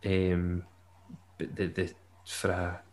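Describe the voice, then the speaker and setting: A man's voice: low voice, completely flat delivery, slow pace, darkish tone, slight background noise. A young man, chatting casually and jokily on a podcast. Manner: chatty, jokey, with bursts of laughter. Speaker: podcast co-host. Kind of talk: casual chat.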